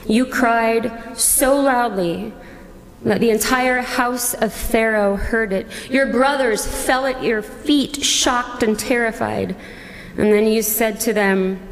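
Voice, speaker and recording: A woman's voice: fairly high pitch, steady tone, slow pace. A woman pastor preaching a sermon as a dramatic second-person retelling full of rhetorical questions. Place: church. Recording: long church reverb.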